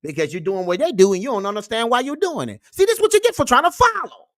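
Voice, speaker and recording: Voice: mid-range voice, very animated, fast, no echo, studio quality. A performer playing a preachy male uncle who lectures on red-pill views, a comedic character monologue that keeps repeating "you see" and "baby". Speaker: host.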